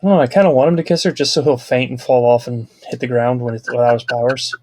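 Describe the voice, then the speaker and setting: A man's voice: mid-range voice, fairly even intonation, quick pace, darkish tone, dry recording. A man co-hosting a podcast, giving dry, chatty commentary on what he is watching. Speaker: podcast co-host. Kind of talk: casual watch-along commentary.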